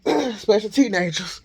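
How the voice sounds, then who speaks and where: A man vlogging casually from his home kitchen on a handheld phone, thinking out loud as he cooks. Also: sits high, expressive, a little slow, slightly rough. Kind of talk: casual chat while cooking.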